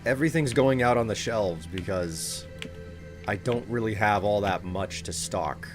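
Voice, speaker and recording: Guy streamer rambling while he plays, lowish voice, game music going in the back. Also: a little slow. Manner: casual, rambling, thinking aloud while playing. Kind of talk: live game stream chat.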